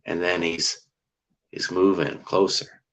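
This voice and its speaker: A man telling a cryptid encounter story in casual, rambling chat, getting excited and restarting his sentences. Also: deep voice, slow pace. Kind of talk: casual storytelling on a live call-in show.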